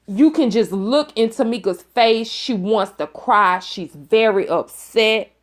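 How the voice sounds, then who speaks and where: A woman's voice: medium pitch, slow. A woman telling a dramatic story to her viewers, emphatic and repeating lines for effect, with folksy exclamations. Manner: folksy terms of address, exclaims. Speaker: storytime vlogger.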